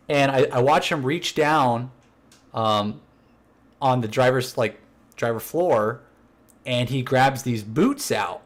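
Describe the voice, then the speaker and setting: A man's voice: medium pitch, a little slow. A young man casually telling a prank story as a podcast co-host, acting out what his coworkers said. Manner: animated, acts out quotes of coworkers; laughs while telling the story.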